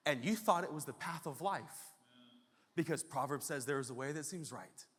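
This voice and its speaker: A man pastor preaching a sermon, firing off rhetorical questions and building up to shouts at the peaks. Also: on the high side, normal speed, breathy edge. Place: church sanctuary. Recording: long church-hall reverb.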